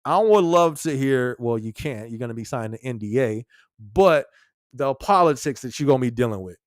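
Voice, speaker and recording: Male podcast host, casual and slangy, mid-pitched voice, dry close recording. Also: lively intonation, a little fast, dry recording. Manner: laid-back, chuckles often, slangy. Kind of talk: casual live-stream chat.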